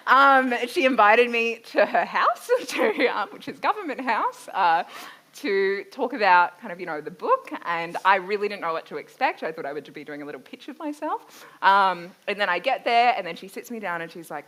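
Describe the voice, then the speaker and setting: Bubbly, bright-voiced woman. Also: mid-range voice, normal speed. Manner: laughs often, tells stories with lively excitement. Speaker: author and guest speaker. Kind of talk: live book-launch Q&A answer. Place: library event room before a live audience.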